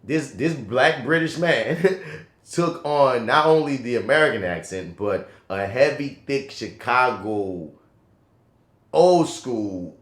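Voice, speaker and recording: A man co-hosting a casual film review podcast, talking in an animated, slangy and profane way that swings between loud and soft. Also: mid-range voice, slow pace. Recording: echoey room.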